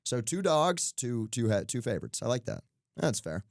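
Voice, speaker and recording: A man's voice: mid-range voice, very animated, normal speed, vocal fry, no echo, studio quality. A young man co-hosting a podcast, chatting casually about sports bets, joking and rambling and laughing at himself. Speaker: podcast co-host. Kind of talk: casual sports betting chat.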